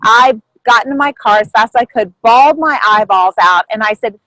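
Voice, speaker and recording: A woman telling a personal story on a video call, lively and animated, acting out what others said with big jumps in pitch. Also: a little fast, no echo, poor audio. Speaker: group member sharing a story.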